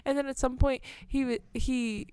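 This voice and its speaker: Woman in her 30s, casual storyteller, fairly high voice, dry close sound, lively and laughing. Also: moderate pace, smooth, no room sound. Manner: animated, laughs often, acts out her child's lines. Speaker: parent telling a story.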